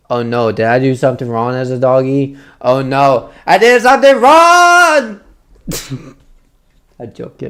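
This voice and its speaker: A man's voice: mid-range voice, darkish tone. A man streaming casual reaction commentary, laughing often, swearing, and telling stories with animation.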